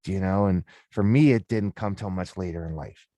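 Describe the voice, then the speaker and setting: Middle-aged male guest, very low voice, candid storyteller, dry close sound. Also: a little fast, warm tone, dry recording. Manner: candid and storytelling, with many restarts. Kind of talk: casual interview talk.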